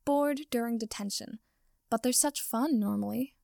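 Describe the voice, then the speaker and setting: A dry, sardonic teenage boy wizard trades sarcastic jabs, read by a woman in nearly her own voice. There is a low fry running through it, and the sound is dead and close. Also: normal speed, a little mellow, dry recording.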